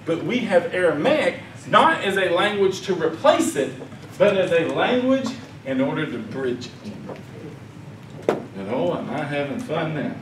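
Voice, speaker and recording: A man giving a conference lecture. He tells animated stories and acts out quoted voices. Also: fairly high pitch, measured pace, far from the mic, noisy background. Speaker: conference speaker. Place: conference hall. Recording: echoey hall, speaker off mic.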